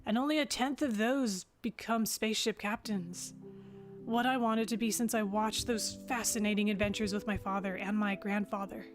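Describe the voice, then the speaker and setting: A woman's voice: medium pitch, fairly even intonation, normal speed, close to an everyday voice. A woman voicing an earnest young female starship captain on her first command, narrating her log in the first person. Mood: reflective. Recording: music playing underneath.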